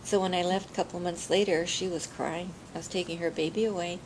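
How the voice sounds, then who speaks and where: A woman's voice: lowish voice, steady tone, fairly quick, noisy background. An older woman telling family stories in an oral history interview, chatty and laughing often.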